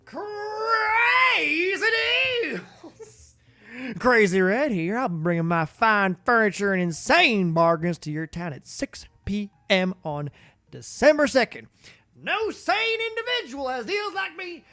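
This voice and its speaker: A woman voicing a loud, pushy male fox furniture salesman with a shouted hard-sell pitch. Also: sing-song, slow pace, exaggerated voice. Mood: hyped.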